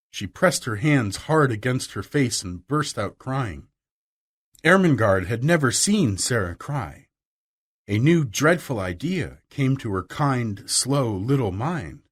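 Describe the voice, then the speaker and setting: A man narrating a storybook audiobook in an expressive, animated reading style. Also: mid-range voice, a little slow, husky.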